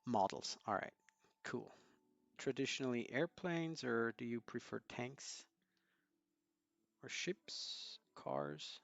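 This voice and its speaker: A man's voice: medium pitch, slow, vocal fry, long pauses, a bit bright, no echo, dull audio. A man hosting a live stream, chatting casually and greeting viewers by name with frequent chuckles.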